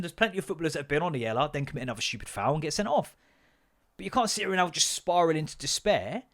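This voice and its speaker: A man, a podcast host and father, ranting bluntly and with lots of swearing about his son's school. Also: high voice. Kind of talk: comedic parenting rant.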